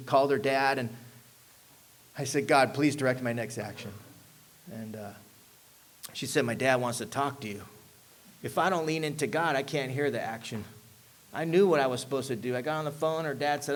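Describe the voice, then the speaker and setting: Animated man telling a recovery story. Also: a little high. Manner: animated storyteller who acts out dialogue and keeps asking "you know what I mean". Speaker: speaker at a recovery convention. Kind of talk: personal recovery story told to an audience.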